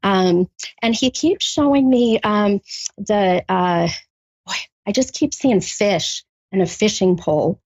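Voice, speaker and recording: A woman doing a psychic reading for a caller, halting with many ums, then bursting into gushing excitement. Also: medium pitch, dry recording, muffled recording. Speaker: psychic medium. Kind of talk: live spirit reading with a caller.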